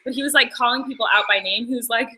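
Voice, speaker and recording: Chatty young woman on a livestream, bright clear voice, gushes and says sorry a lot. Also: on the high side, racing, poor audio. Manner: chatty, gushing, apologetic asides. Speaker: show creator and host. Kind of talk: casual live-stream commentary.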